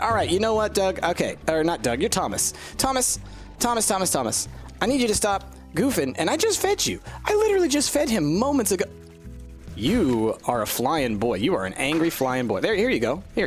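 A man hosting a let's-play, chatting casually and animatedly over gameplay and cooing at the game's creatures. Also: a little high.

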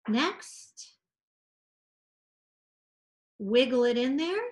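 Woman, art teacher, children's lesson, unhurried, sing-song, encouraging. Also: high-pitched, animated.

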